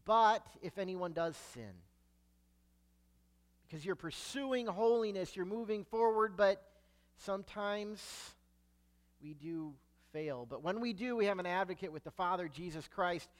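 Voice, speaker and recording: A man preaching a sermon, emphatic, swelling loud on key words and sinking low and quiet at the ends of phrases. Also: lively intonation, measured pace. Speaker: pastor.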